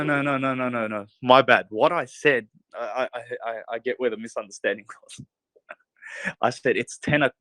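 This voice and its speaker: A man's voice: mid-range voice, no room sound. A young man hosting a casual live talk show, full of hype and getting more and more pumped up. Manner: excitable hype, says he gets pumped and could start yelling. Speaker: podcast host.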